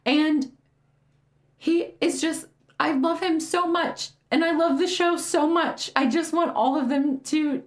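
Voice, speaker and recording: A woman's voice: high-pitched, steady tone, slow. A young woman co-hosting a podcast in loose, casual chat. She gushes and giggles often. Her voice cracks a little now and then. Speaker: podcast co-host.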